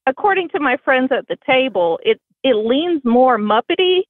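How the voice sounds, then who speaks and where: A woman's voice: high-pitched, expressive, normal speed, no echo. A woman from Indiana with a Southern American accent, calling in to a podcast, talking in a dry, self-deprecating way. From Bloomington, Indiana. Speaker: caller. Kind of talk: phone-in call. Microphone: phone. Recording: tinny phone line.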